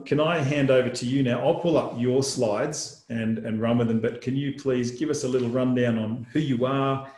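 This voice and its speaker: A man's voice: medium pitch, a little mellow. A man, a buyer's agent hosting a webinar, talking casually with ums. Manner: conversational, frequent um fillers. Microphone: video call. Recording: echoey room.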